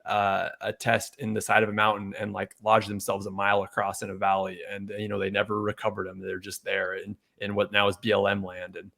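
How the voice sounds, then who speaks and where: Gravelly-voiced man telling a story. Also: lowish voice, fairly quick, hardly any pauses. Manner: rambling, animated when quoting. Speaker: podcast host. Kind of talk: casual chat, storytelling.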